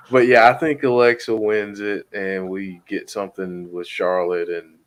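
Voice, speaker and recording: Slow, low-voiced hesitant man. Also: level tone. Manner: hesitant, many ums and restarts. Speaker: podcast co-host. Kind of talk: casual chat.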